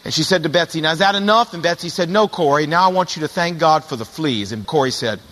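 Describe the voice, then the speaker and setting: A man's voice: fairly high pitch, quick pace, a bit bright, in a large hall. A middle-aged male pastor telling stories in a sermon, animatedly acting out the voices of the people in them. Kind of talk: sermon storytelling.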